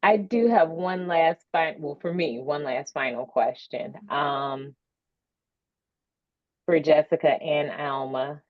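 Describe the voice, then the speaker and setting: A woman's voice: deep voice, slow pace, no echo, lo-fi sound. A woman moderating a webinar conversation, telling her story candidly and emotionally, with colloquial asides. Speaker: panel moderator.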